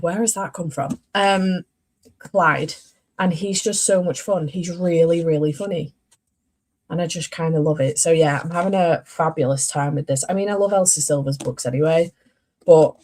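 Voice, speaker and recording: A young woman with a low, slightly mellow voice chats casually about her reading as a book vlogger. She rambles, corrects herself and laughs often.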